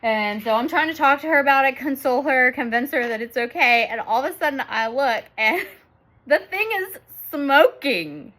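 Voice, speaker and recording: Bright chatty mom in her 30s, laughs a lot telling a family story on her vlog. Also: high voice, animated, normal speed. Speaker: vlogger and mother.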